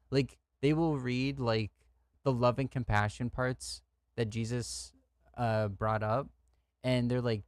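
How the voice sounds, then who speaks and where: A man's voice: mid-range voice, steady tone, unhurried, dry recording. A man streaming from the United States, ranting casually over news clips, outspoken and swearing, laughing often. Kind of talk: casual reaction commentary.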